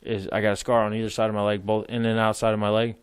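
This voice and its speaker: A man's voice: fairly low pitch, flat delivery, fast talker, clear, resonant tone, no room sound. A man in his thirties telling war stories in casual podcast chat, rambling, laughing and swearing freely. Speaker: podcast guest, military veteran. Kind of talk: casual storytelling.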